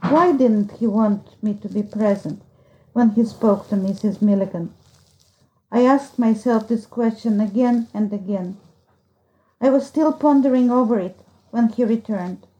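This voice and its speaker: A woman narrating a story as an audiobook reader, in a slow, measured storytelling manner, on a dull lo-fi recording. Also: fairly high pitch, dark tone. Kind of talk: scripted narration.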